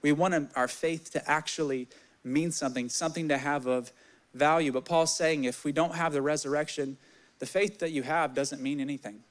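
A young man preaching a sermon, candid and animated, telling personal stories and reading scripture. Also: normal speed. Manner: candid and animated, swelling louder in stories, dropping low on scripture.

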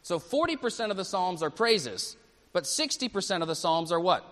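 A male pastor preaching a sermon at a church service, animated and asking the congregation questions. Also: high-pitched, moderate pace, big-room sound.

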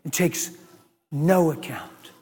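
A man preaching a sermon, animated, with shouted exclamations and laughing asides. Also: a little high, slow pace, slightly rough, in a large hall.

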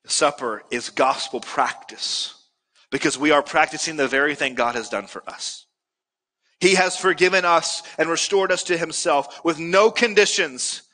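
Guy preaching a sermon, fairly high bright voice, gets real emphatic, big hall echo. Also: normal speed. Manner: earnest, builds to emphatic peaks. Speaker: pastor.

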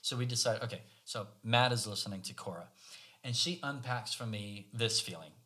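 A man's voice: fairly low pitch, normal speed, sharp tone. A man co-hosting a conversation, telling a story about himself in a casual, self-deprecating, wry way. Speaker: podcast co-host.

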